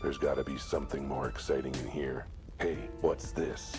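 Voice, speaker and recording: A man's voice: rumbling low, fairly even intonation, normal speed, over music. An actor voicing a down-on-his-luck male cat detective, with a dry, sardonic delivery in a video game. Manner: dry, sardonic inner monologue.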